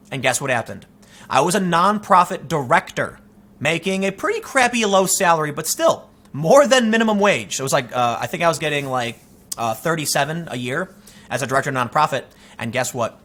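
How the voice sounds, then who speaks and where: Male host, 30s, animated storyteller; bright, fairly high voice for an off-the-cuff opinion monologue. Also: a little fast. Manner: animated, storytelling with quoted asides and restarts. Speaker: political commentator host.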